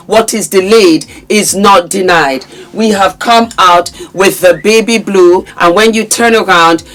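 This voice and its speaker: A woman's voice: medium pitch, fairly bright tone. A woman host chatting to her viewers in an effusive, doting way, calling them her darlings. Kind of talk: casual chat to viewers.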